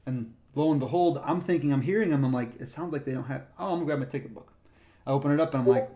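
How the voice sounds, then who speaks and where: A man's voice: mid-range voice, racing. Chatty man telling ranger stories. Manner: animated retelling, acts out the people in his stories. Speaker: park ranger. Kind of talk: casual storytelling chat.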